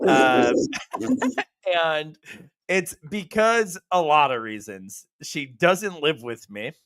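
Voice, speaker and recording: A man's voice: on the high side, animated, slow pace, fairly bright tone, clear, resonant tone. A man in his forties, a podcast co-host, ranting profanely and animatedly in casual chat. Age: 40s.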